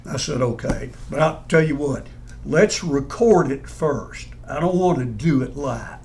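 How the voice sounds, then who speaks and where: A man's voice: medium pitch, lively intonation, unhurried, a little mellow. A man telling funny stories in casual chat, laughing through his punchlines. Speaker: radio personality guest.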